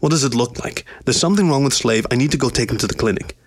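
A man's voice: mid-range voice, quick pace, dry recording, close to an everyday voice. A man voicing a male lion in a storybook reading, terse and guarded, often mumbling. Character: male lion, gruff, defensive and devoted.

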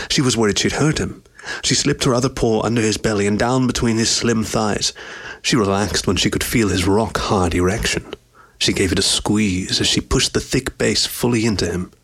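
Low-voiced male story narrator. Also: a bit bright, husky. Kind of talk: scripted narration.

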